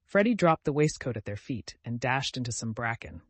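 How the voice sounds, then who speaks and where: A male audiobook narrator reading a classic novel with an animated, lively rise and fall in his voice. The sound is close and dry, with no trace of the room. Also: medium pitch, fairly quick, slightly rough, no echo. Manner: expressive storytelling reading. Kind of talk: scripted narration.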